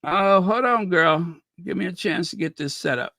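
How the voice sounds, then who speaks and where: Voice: mid-range voice, moderate pace, creaky, bright, forceful tone, no echo, clean studio sound. A channel host giving chatty, opinionated commentary with laughing asides. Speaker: host of a royal news channel. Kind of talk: casual commentary.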